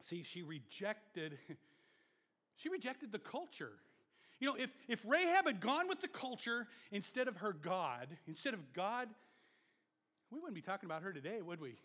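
High, animated preacher in a reverberant hall. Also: male voice, moderate pace. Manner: animated, swinging from loud exhortation to low murmurs; interactive, prompting the congregation to repeat words. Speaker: pastor. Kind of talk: sermon.

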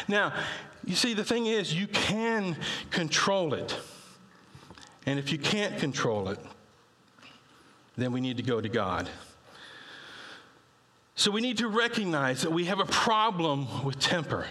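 A man preaching a sermon, telling folksy stories and building to emphatic high peaks. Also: lively intonation, normal speed, sharp tone, long reverb tail.

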